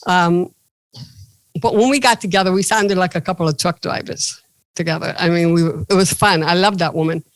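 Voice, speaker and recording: A woman comedian and motivational speaker, a guest in an interview, telling animated stories with playful jokes. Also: on the low side, brisk, no echo, low-quality recording. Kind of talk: casual interview storytelling.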